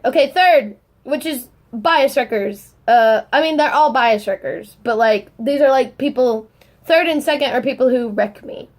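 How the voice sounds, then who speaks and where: A young woman vlogging in casual chat, gushing and excitable, rambling and swearing as she talks. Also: high-pitched.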